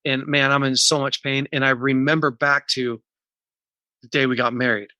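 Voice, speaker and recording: A man with a mid-range, flat, pushed and bright voice speaks at a moderate pace; the audio is dull with no echo. A podcast guest and recovery coach, he earnestly teaches a process in numbered steps and speaks candidly and emotionally about personal pain.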